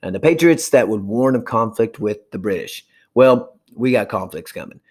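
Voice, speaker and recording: History teacher, man, lowish voice, loose lecture delivery with acted asides. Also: animated, darkish tone. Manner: chatty, acts out historical figures in quick asides. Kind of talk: casual classroom lecture.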